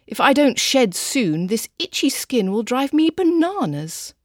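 A woman's voice: high voice, very animated, measured pace, no echo, studio quality, pitched above the performer's own voice, full character voice. A woman putting on a whiny, prim female lizard. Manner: whining, prim.

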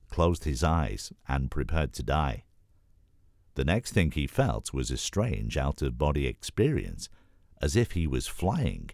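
A man reading a children's storybook aloud in a calm, measured way. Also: very deep voice, dry recording, clean studio sound. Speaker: narrator.

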